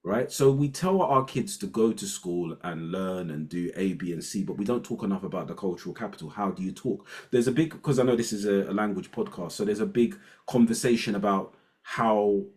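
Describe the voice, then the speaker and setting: A man's voice: fairly low pitch, brisk, hardly any pauses, darkish tone. A middle-aged man with a London accent, a guest educator in a casual podcast chat who acts out quoted snippets of dialogue. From England.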